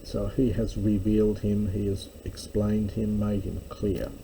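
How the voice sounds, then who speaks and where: A man teaching a slow verse-by-verse Greek lesson, explaining word by word with pauses and fillers. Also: lowish voice, little pitch movement, vocal fry, mellow, a little hiss or hum, poor audio.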